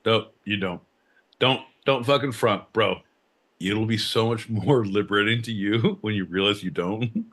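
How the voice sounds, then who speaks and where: A man co-hosting a live podcast, joking and swearing in casual banter with big swings in his voice. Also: a little slow. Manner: profane, jokey, loud swings in pitch. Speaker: podcast co-host.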